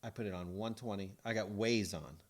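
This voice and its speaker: A middle-aged man hosts a podcast with a somewhat low voice. He tells his stories loosely, swearing freely and breaking into laughs often. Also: steady tone, fairly quick. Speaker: podcast host. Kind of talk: casual chat.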